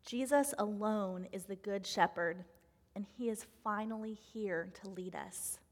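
Woman reading a devotional, earnest and slow on the big lines, long echo like a big hall. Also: mid-range voice. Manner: earnest, measured, slowing down for emphasis.

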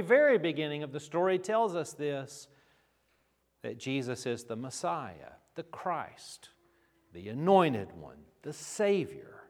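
A man preaching a sermon as pastor, dramatic and emphatic, with rhetorical questions and long pauses. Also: on the high side. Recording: reverberant hall.

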